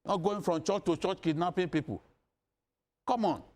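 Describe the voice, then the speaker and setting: A man's voice: high voice, normal speed, darkish tone. A man from northern Nigeria speaking as a guest on a news panel, emphatic and insistent, hammering his points with repetition. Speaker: studio guest commentator. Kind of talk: impassioned panel discussion.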